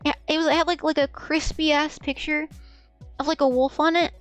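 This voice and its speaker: A woman's voice: sits high, flat delivery, fairly quick, faint music behind. A young woman streamer chatting casually, rambling and giggly, often stammering and repeating words and swearing freely. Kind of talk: casual live-stream chat.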